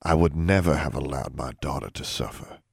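A man voicing a soft-spoken, feared middle-aged wizard father who talks in a calm, measured, gentle way. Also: very deep voice, creaky, husky, no echo, clean studio sound, heavily acted.

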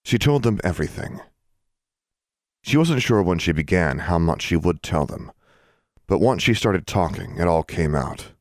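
A man reading an audiobook aloud in a measured, even narration. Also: deep voice, no room sound, clean studio sound. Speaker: audiobook reader. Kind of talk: scripted narration.

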